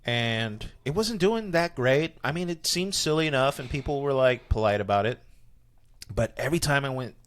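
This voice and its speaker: A man, a comedian, talking casually on a podcast, rambling and animated, with many restarts. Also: medium pitch, normal speed. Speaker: comedian guest.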